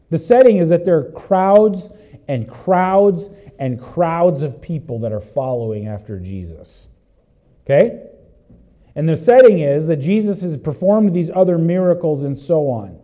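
High yet mellow, this emphatic pastor's voice repeats phrases, questions his listeners, and swings from loud cries to low, intense stretches during his sermon. The recording is rough.

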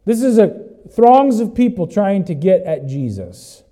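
Emphatic high-voiced male preacher. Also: very animated, unhurried, low-quality recording. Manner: emphatic, swinging between loud cries and low intensity; repeats phrases, asks the congregation questions. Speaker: pastor. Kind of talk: sermon.

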